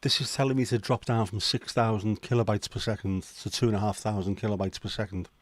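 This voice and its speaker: Speaking quickly with fairly even intonation, this man's voice is fairly low-pitched and has no room sound. He's from Liverpool, England, hosting a casual chat stream where he jokes, swears and makes chatty asides to his viewers.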